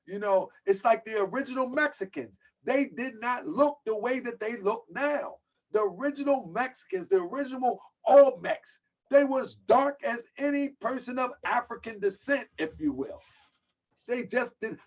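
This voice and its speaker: A man from the United States holds forth on a live stream in a casual, preachy lecture. He keeps repeating rhetorical questions and answers comments from the audience. The sound is dull and lo-fi. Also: high-pitched. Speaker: host of a live-stream talk.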